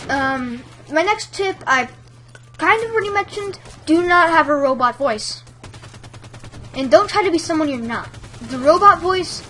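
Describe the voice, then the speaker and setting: A woman's voice: sits high, bright, forceful tone, slight background noise. A woman giving casual tutorial tips in a chatty, rambling way, full of fillers. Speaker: YouTube commentator giving tips.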